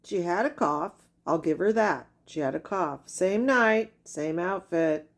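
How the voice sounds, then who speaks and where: A woman's voice: on the low side, animated, unhurried. A woman giving critical commentary over clips, blunt and accusing, with pointed repeated questions. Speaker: commentary creator.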